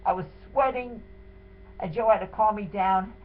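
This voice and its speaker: With a mid-range voice at normal speed, a woman relates her own experience as a wife, an emotional, indignant account of what happened to her and her husband. Her retelling is dramatic and indignant. A faint hiss runs through the tinny, phone-like recording.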